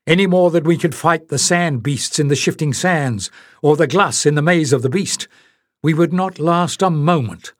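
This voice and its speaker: A man's voice: a little high, moderate pace, no echo, studio quality, voice pushed up, lightly acted. A man reading an audiobook voices an earnest, brave young male hero with an urgent, raised voice.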